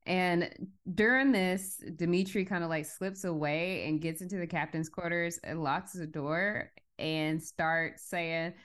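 A woman co-hosting a podcast, recapping a film in relaxed, conversational chat with casual slang. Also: on the low side, a little slow.

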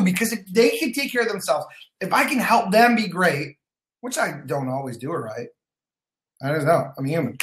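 Energetic and motivational, a sales team leader livestreams from his phone in a high, reverberant voice. He stresses his points through repetition, swears without much thought, and says hello to viewers by name.

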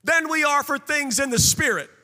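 A male pastor preaching a sermon with sing-song cadence and shouted peaks. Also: extremely high pitch, expressive, normal speed, long reverb tail.

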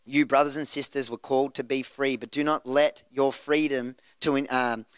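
A male pastor preaching a sermon in church, animated and acting out scenes. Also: medium pitch, normal speed, clean tone, no echo. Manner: animated, acts out scenes in voices.

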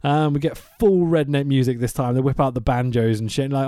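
A man hosting a casual podcast, recapping a film in an animated, sweary rant full of laughs. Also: medium pitch, a little fast, dry recording. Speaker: podcast host.

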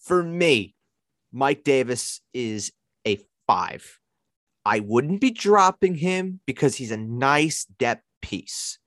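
A man with a Long Island accent hosting a casual sports chat, playful and animated. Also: slow pace, no room sound, studio quality. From Long Island, New York. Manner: animated, playful, jumps between high and low pitch. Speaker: podcast host.

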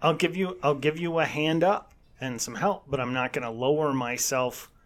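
A man's voice: a little high, moderate pace. A man co-hosting a casual chat, chiming in with short agreements and sarcastic quips.

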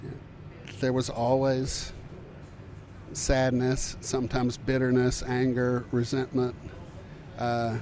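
An older man giving a reflective interview, speaking thoughtfully with frequent pauses, fillers and restarts. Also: medium pitch, monotone, darkish tone. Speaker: interviewee recalling community work.

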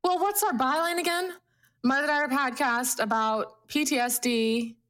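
A woman co-hosting a podcast in casual chat, giggly and excitable, reading a message aloud and laughing herself breathless. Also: sits high, moderate pace. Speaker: podcast co-host.

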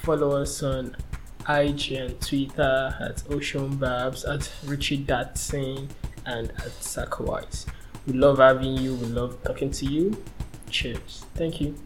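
A man's voice: medium pitch, steady tone, takes it slowly, faint music behind. A man closing a podcast episode, thanking listeners and asking them to share. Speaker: podcast host. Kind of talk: show sign-off.

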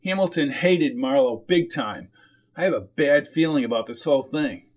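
A man's voice: on the high side, moderate pace, lightly acted. A man voicing a weary, dry-humored small-town football coach in an audiobook.

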